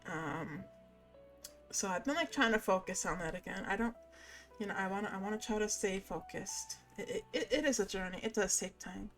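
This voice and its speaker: A woman in a mid-range voice hosts a casual live stream. She rambles with many fillers and restarts, while faint music plays softly behind her. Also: mid-range voice, moderate pace. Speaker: streamer host.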